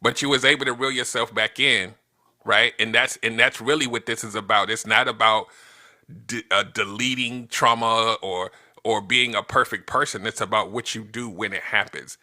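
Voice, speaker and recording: A man's voice: lowish voice, fairly even intonation, moderate pace, bright, forceful tone. A man talking as a guest on a talk show, explaining points animatedly and checking in with rhetorical questions. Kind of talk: casual conversation.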